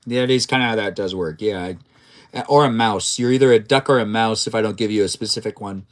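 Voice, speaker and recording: A man's voice: on the low side, fairly quick. Playful chatty male game streamer. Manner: playful, chatty, reads chat aloud and reacts to the game. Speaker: live streamer. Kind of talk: casual gameplay live-stream chat.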